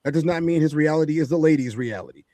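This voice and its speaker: A man's voice: fairly high pitch, fast talker, dark tone, dry recording. Preachy, emphatic male talk-show host. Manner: emphatic and preachy, repeats his points for effect. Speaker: podcast co-host. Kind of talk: opinionated talk-show commentary.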